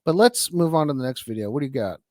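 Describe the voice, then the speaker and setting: A man's voice: medium pitch, expressive, fast, darkish tone, no room sound. A man co-hosting a podcast, chatting loosely and restarting his sentences. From northern United States. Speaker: podcast co-host. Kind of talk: casual chat.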